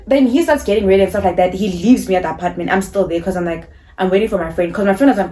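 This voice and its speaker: A young South African woman chats straight to camera, lively and slangy as she tells a personal story. Her voice sits in an ordinary middle register, and she slips quickly into acting out what people said. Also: mid-range voice. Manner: animated, acts out dialogue, slangy. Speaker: YouTuber. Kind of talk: casual storytime vlog.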